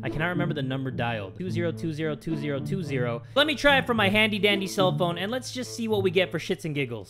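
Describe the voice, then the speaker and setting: A young man vlogging with a slightly high, crude, joking voice. He talks loud and casual, with music playing behind him. He is from Southern California. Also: expressive, fast talker, few pauses. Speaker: YouTuber. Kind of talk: casual vlog chat.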